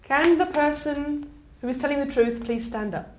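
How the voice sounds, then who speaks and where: A woman teaching an English class, giving clear instructions and frequent praise. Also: sits high, moderate pace, a little mellow, roomy sound.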